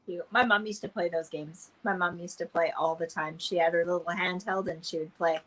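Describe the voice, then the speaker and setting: A woman's voice: on the low side, fairly even intonation, brisk, a bit bright, poor audio. Easygoing woman in casual chat. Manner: short agreeing replies, easygoing.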